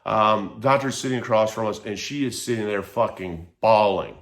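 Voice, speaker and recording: A man's voice: on the low side, normal speed. A man telling a personal story to camera in a casual, heated, profane way. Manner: heated, profane, animated retelling.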